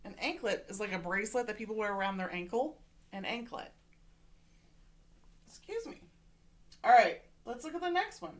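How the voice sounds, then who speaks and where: A woman's voice: medium pitch, lively intonation, moderate pace, long pauses. A woman teacher giving a remote reading lesson to children, patient and encouraging, often checking in with "okay?".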